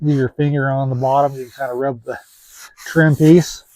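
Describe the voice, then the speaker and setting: A man's voice: mid-range voice, steady tone, moderate pace, warm tone, no room sound, poor audio. A man casually explaining how he cleans an old car, folksy and joking, rambling as he works. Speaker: classic car seller.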